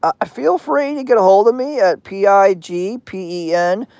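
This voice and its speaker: A woman's voice: mid-range voice, moderate pace, a little mellow, no room sound. A woman hosting her channel in a crude, threatening, meandering rant full of fillers. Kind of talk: profane vlog rant.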